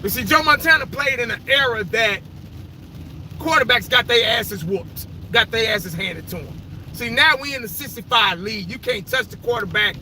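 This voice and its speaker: A fan vlogger holds forth on football's greats in an extremely high, bright, forceful voice at normal speed. His casual rant is opinionated, rambling, and full of swearing. The rough recording carries a little hiss or hum.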